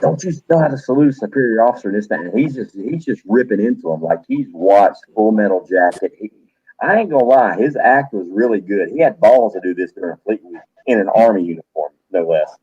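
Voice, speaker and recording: A man's voice: fairly low pitch, animated, brisk, warm tone, slightly rough, dry recording. A middle-aged man, a retired soldier and bar owner, telling a blunt, profane anecdote in casual talk among friends. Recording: tinny phone-like dry sound.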